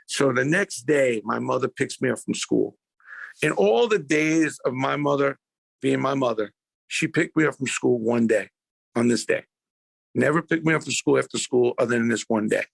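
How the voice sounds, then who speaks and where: An older man from Brooklyn with a New York accent, telling stories in a lively way as a podcast guest. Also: mid-range voice, fairly quick, creaky, no room sound. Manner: animated storyteller who acts out quotes. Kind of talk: storytelling in a podcast interview.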